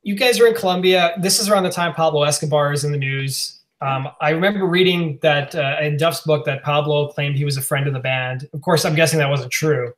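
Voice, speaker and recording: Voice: mid-range voice, a little fast, hardly any pauses. A podcast host asking eager, fan-like questions in a casual interview, full of fillers and restarts.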